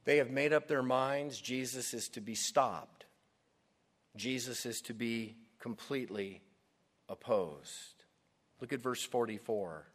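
Man, pastor, sermon, slow deliberate delivery, emphatic stresses, long hall reverb. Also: medium pitch.

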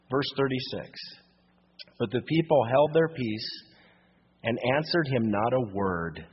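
A man's voice: medium pitch, lively intonation, measured pace, husky, big-room sound. Man preaching through a muffled radio broadcast. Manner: reads scripture then paraphrases it in plain modern speech. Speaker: pastor. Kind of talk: verse-by-verse Bible teaching.

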